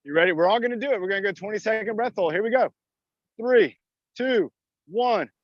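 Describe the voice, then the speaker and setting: Speaking very fast in a high-pitched voice, a fitness coach runs a live workout outdoors, talking through each movement and urging the group on while exercising himself. It was captured on a phone in a park, giving dull, dry lo-fi audio with no room sound.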